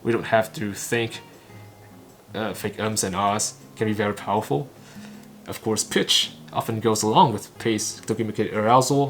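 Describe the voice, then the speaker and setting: Faint music sits behind this man's voice, which is on the low side, steady, and fairly bright. He is a Vietnamese channel host learning English, native in Vietnamese, repeating a recorded talk phrase by phrase and line by line. The phrasing is clipped and halting, and he frequently stumbles and restarts.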